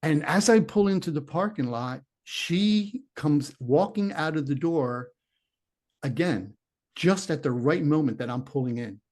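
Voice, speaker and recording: On the high side and animated, his darkish-toned voice keeps a measured pace. The middle-aged guest, formerly a police detective and now a psychic medium, tells a long story about himself conversationally, earnest and rambling, acting out his inner voice.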